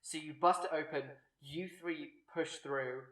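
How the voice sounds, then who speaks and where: A man's voice: on the high side, steady tone, a little slow, fairly bright tone, recorded from a distance. Male game master, loose rambling narration, roomy off-mic sound. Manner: rambling, hesitant narration with fillers. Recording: echoey room, off-mic.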